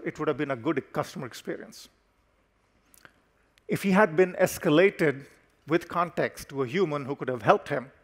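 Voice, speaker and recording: Measured man giving a keynote. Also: fairly high pitch, fairly bright tone. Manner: measured, explanatory, stresses key words with pauses. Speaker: company CEO giving a keynote. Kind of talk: conference keynote talk. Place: conference stage.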